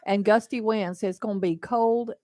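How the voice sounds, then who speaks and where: A woman co-hosting a local radio show, reading the weather and chatting casually, with lots of quick agreeing interjections. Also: medium pitch, steady tone, dark tone, no room sound, studio quality. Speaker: radio co-host doing the weather. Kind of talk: weather report and casual banter. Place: radio studio.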